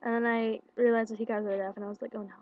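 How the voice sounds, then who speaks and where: A young woman casually retelling a concert meet-up into a webcam, excited and chatty, with lots of fillers and quoted dialogue. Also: on the high side, rapid-fire. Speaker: vlogger. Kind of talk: casual storytelling. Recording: lo-fi webcam audio.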